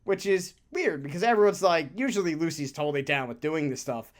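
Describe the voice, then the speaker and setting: In a loose podcast conversation, the co-host talks with lively, wandering energy, tossing in casual swears and frequent laughter. Pitch is medium and the delivery runs a little fast.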